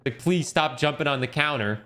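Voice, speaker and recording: Young man, somewhat high voice, rambling casual game chat, joking, cusses a lot. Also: fairly quick, fairly bright tone. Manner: rambling, joking, swears freely. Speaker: gaming streamer. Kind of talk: casual chat over gameplay.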